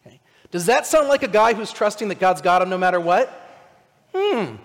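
A male pastor giving a conversational, animated sermon, asking his listeners direct questions. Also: sits high, a little fast, big-room sound.

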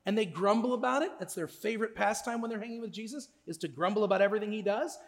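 A high-pitched man delivers a sermon as a pastor, chatty and direct, often tossing quick questions to the congregation. His voice rings out with a long reverb from a large hall. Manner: conversational, asks listeners "right?".

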